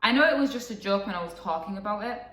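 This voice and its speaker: Young woman, chatty and rambling, bright voice, distant mic, echoey room. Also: medium pitch, lively intonation, very fast. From England. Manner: chatty and rambling, with frequent fillers and asides. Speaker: vlogger. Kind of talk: casual storytelling to camera.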